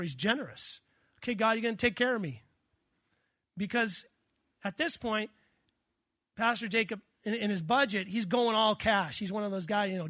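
A man preaching a sermon, telling a story with lively quoted voices. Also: high voice, no room sound, clean studio sound. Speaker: pastor.

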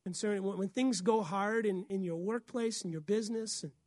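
Animated woman pastor preaching. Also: mid-range voice, a little fast, dry recording, clean studio sound. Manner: animated, acts out voices, laughs often. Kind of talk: sermon.

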